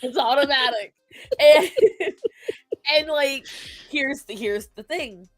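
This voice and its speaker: A woman streamer chatting casually about games, animated and dramatic, laughing and swearing often. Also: high-pitched, slow pace, soft background music. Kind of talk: casual gaming chat.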